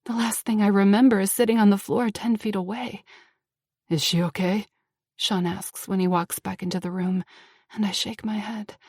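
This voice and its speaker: A young woman reads first-person audiobook narration with strong feeling. She turns tense, then drops to a hushed tone. Her voice sits at a middling pitch, with a dry, close sound. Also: fairly even intonation, moderate pace, husky, dry recording. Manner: emotional, shifting between tense and hushed.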